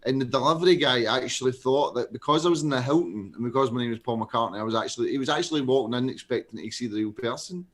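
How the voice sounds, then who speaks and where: A man's voice: medium pitch, quick pace, few pauses, a bit bright. A man in casual chat, telling a story in a wry, understated way.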